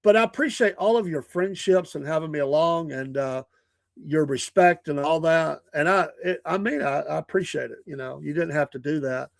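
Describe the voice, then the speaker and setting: Older folksy man, slightly high. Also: normal speed, gravelly, no echo, clean studio sound. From Georgia, US. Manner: folksy, chuckling, repeats himself. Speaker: show guest and streamer. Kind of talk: casual chat.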